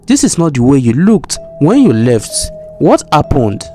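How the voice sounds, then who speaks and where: A man voicing a worried, bossy female salon owner with scolding, high-pitched outbursts. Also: big pitch swings, measured pace, mellow, faint music behind. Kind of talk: storybook narration acting.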